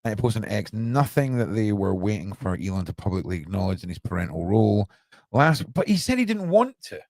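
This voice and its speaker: Animated British man, rambling commentary. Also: on the low side, brisk, vocal fry. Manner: animated and rambling, full of rhetorical questions. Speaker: podcast host. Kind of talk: casual news commentary. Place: small room under the stairs at home.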